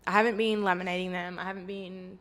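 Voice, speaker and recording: A woman's voice: lowish voice, flat delivery, fast, a bit bright. A young Australian woman co-hosting a podcast in casual chat, rambling and giggly with many fillers. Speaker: podcast co-host.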